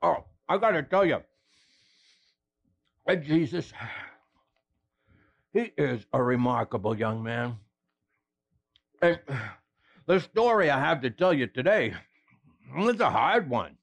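A man's voice: on the high side, very animated, slow, gravelly, pauses often, full character voice. A man playing a chatty ancient stoneworker, a friend of Joseph, telling a story for children in a folksy, rambling way. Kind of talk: dramatic character monologue for children.

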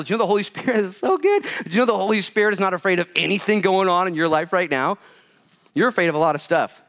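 A man preaching a sermon as pastor to a live audience, swinging between loud urgent bursts and hushed quiet lines. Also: a little high.

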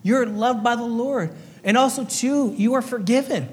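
A man's voice: very high voice, moderate pace, a little mellow. A man preaching a sermon as pastor and fire chaplain, earnest and repetitive, sometimes acting out little voices. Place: church sanctuary. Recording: long hall reverb.

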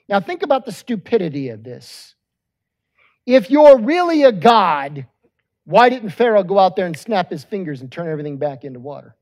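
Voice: medium pitch, darkish tone. A pastor preaching a conversational sermon with joking asides.

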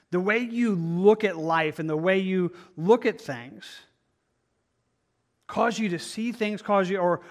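A man's voice: high-pitched, a bit bright. A man teaching a Bible study in an earnest, conversational way, often restarting his phrases. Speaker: pastor.

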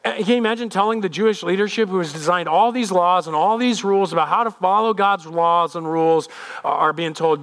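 A man's voice: sits high, quick pace, a bit bright. A male pastor giving a sermon in an emphatic, conversational way, repeating points for weight.

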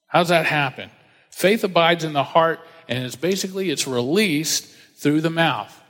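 A man preaching in a relaxed, conversational sermon, his voice sitting a little high for a man. He acts out the voices in the stories as he goes. The sound carries a long reverb, like a large hall. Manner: animated storytelling, acts out quoted voices. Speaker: pastor. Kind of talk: casual sermon.

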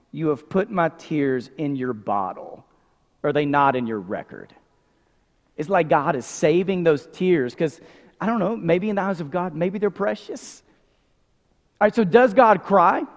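Pastor, man in his forties, casual sermon delivery, a touch high-voiced, reverb-heavy sanctuary. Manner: conversational, frequent "like", softens to near whisper on scripture. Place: church sanctuary. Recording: long hall reverb.

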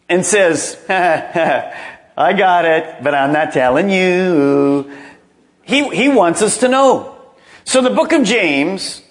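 Lively-pitched man preaching a sermon. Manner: emphatic, calls for congregation responses. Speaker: pastor.

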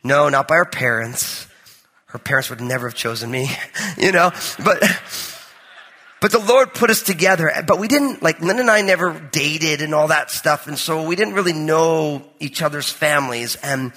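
A high, bright male pastor from New with a husky edge, preaching in a conversational, joking storyteller's manner. His voice rings out with a long reverb in a large church hall. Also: animated, normal speed. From New Jersey. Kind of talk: sermon with personal storytelling.

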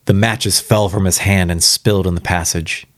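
A man's voice: deep voice, steady tone, normal speed, a bit bright, no echo, studio quality. A man reading a spooky story aloud for the first time, casual and reacting aloud between passages. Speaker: reader.

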